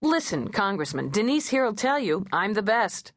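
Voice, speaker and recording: A woman's voice: mid-range voice, sing-song, normal speed, no echo, clean studio sound, voice pushed up. A woman doing a brash, boastful male agent. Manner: pushy and boastful. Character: brash, self-assured male literary agent.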